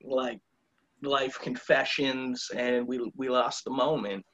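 A man's voice: medium pitch, flat delivery, slow pace, background noise. A man with a Boston accent, chatting loosely and jokingly as a guest, swearing casually. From Boston area. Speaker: guest rapper. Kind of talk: casual chat. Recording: dull lo-fi audio.

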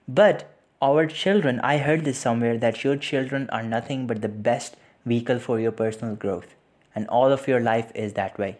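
A young man hosting a podcast, recounting a painful loss in a halting way, with repeated words and sighs, close to tears. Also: medium pitch, a little mellow. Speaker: podcast host. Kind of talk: personal reflective storytelling.

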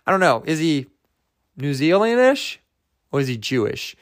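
A man's voice: fairly high pitch, sing-song, moderate pace. A man hosting a podcast on his own, rambling loosely and cracking jokes, with plenty of swearing and restarts. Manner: loose, profane, jokey, with many fillers and restarts. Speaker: podcast host. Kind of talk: rambling casual monologue.

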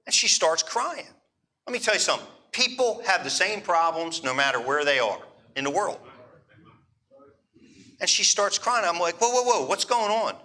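Bright-voiced, animated male preacher. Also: on the high side, moderate pace, long pauses. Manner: animated, asks the crowd for responses. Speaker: pastor. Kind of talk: sermon storytelling to a live audience.

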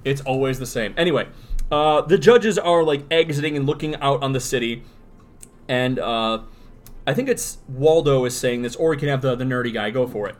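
A man's voice: mid-range voice, moderate pace. A man co-hosting a casual podcast, reading out comic panels and reacting with laughs and the odd swear. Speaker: podcast co-host. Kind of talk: casual comic-book podcast chat with read-aloud dialogue.

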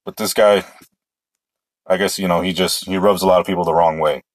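A man's voice: sits low, steady tone, a little fast, no echo. A man hosting a casual solo sports show, opinionated and rambling, often restarting his sentences. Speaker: sports podcast host.

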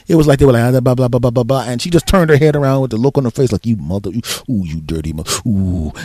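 A man's voice: on the high side, dark tone, no room sound, clean studio sound. A middle-aged man hosting a podcast, telling a story in a rambling, self-deprecating way with lots of restarts. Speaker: podcast host. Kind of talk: casual storytelling monologue.

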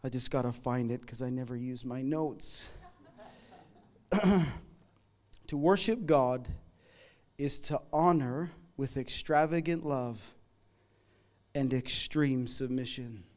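A middle-aged man preaching a sermon in a conversational, humorous way, moving between loud emphatic lines and quiet asides. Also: mid-range voice, slow, pauses often. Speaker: pastor.

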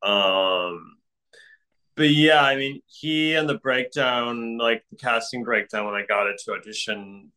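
A man of ordinary pitch talks through his memories in a loose, meandering way, full of fillers and restarts. He laughs easily. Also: measured pace, sharp tone, low-quality recording. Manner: rambling, many fillers like "like" and "um", laughs often. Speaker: actor guest. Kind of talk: casual interview chat.

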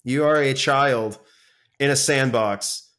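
A man co-hosting a casual podcast chat, swearing freely, ranting and mocking people in quick impressions. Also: medium pitch, a bit bright. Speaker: podcast co-host.

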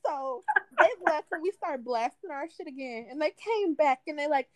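A woman in her twenties casually telling a party story, animated and laughing, acting out what people said in a higher voice. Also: normal speed, few pauses, no room sound. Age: 20s.

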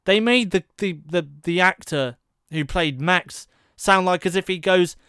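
A British man chatting on his own podcast, rambling and relaxed with plenty of ums. His voice is a little high for a man and very smooth and clear. The sound is dry and close. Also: a little slow, no echo. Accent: British English. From Britain. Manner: rambling, conversational, lots of fillers. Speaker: podcast host. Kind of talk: casual solo podcast chat. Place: at home at his computer with his dog.

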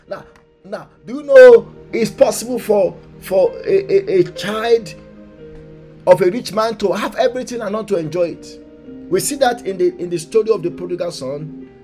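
A man with a high voice preaches and leads a congregation in fervent prayer, shifting between calm teaching and loud exhortation.

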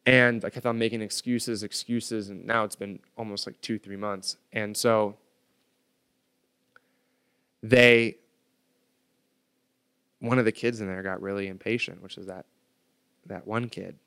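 A young man in his twenties, a podcast guest, telling a story in casual slangy talk, getting loud when he acts out his anger. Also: fairly low pitch, fairly even intonation, a little slow, pauses often, clean tone. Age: 20s.

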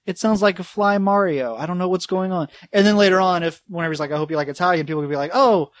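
A man's voice: high voice, rapid-fire, dry recording, clean studio sound. A man, a guest on a movie podcast, rambling and giggly, slipping into silly voices. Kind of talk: casual movie podcast chat.

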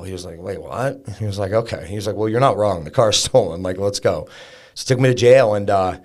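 A man's voice: lowish voice, a little fast, a little mellow. A man telling a raw personal story as a podcast guest, frank and casual, swearing and peppering his talk with fillers. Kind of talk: candid personal storytelling in an interview.

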